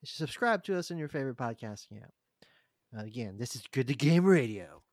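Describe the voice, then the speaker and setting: A man's voice: mid-range voice, animated, a little fast, no echo, studio quality. A man hosting a casual podcast, laid-back and a little hesitant as he wraps up. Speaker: podcast host. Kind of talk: casual chat, show sign-off.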